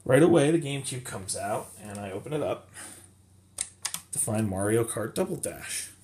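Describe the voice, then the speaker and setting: A man's voice: mid-range voice, lively intonation, normal speed, darkish tone. A man casually showing off his collection finds in a rambling, self-correcting vlog. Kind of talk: casual show-and-tell vlog. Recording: clear background noise with clicks.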